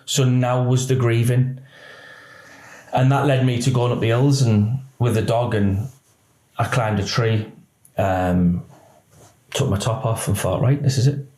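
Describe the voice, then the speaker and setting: A man, a retired police officer telling a personal story in halting speech that often quotes others. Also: medium pitch, steady tone, a little mellow. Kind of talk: emotional personal account. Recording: roomy echo.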